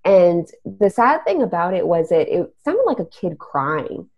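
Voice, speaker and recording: A young adult woman from Texas hosts a podcast and tells a spooky story in casual chat, her fairly low voice sing-song and unhurried. She narrates like a storyteller, letting lines trail off. The recording is dull and lo-fi.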